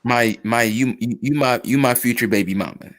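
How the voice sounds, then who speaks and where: A man's voice: mid-range voice, normal speed. A man co-hosting a casual chat, joking and laughing often, with stammered restarts. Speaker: podcast co-host.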